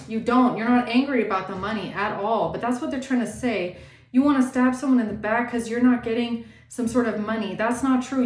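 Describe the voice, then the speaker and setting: A woman's voice: fairly high pitch, darkish tone, roomy sound. A woman tarot reader giving a blunt, indignant reading and swearing freely.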